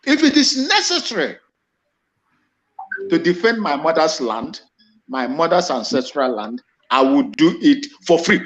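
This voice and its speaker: Unhurried yet very animated, a commentator with a Nigerian accent and a fairly high, somewhat bright voice pours out an impassioned monologue. He repeats himself for emphasis and frequently restarts phrases, heard on a dull lo-fi recording.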